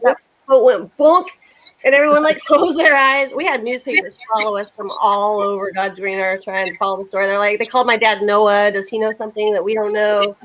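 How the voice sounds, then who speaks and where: A middle-aged woman from the United States hosting a casual talk, telling animated stories and laughing often. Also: medium pitch, brisk, low-quality recording. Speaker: host. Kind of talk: casual chat.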